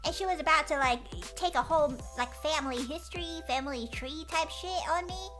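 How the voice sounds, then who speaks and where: A woman streamer chatting casually and telling a story in an animated way, swearing and restarting often. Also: sits high, moderate pace. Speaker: streamer host. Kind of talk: casual chat. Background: background music.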